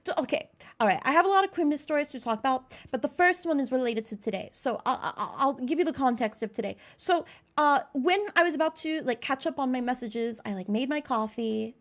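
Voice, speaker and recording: Chatty high-voiced young woman streamer. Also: animated, a little fast, hardly any pauses. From United States. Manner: chatty, greets viewers by name, giggly and self-mocking. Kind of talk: casual live-stream chat.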